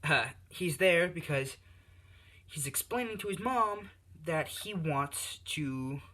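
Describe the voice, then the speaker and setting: A man's voice: on the high side, animated, slow pace, pushed and bright. A man telling an improvised fan story in a rambling way full of fillers, recorded on a tablet.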